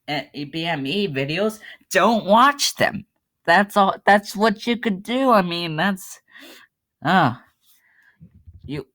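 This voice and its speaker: A man's voice: a little high, a bit bright. A man giving casual commentary on a web game, rambling and mocking himself, often breaking into laughter. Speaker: YouTuber playing a web game.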